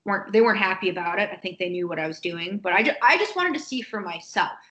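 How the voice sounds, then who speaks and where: A woman telling a personal story in a casual interview, animated and acting out other people's lines. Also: medium pitch, fast talker, rough recording. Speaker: guest.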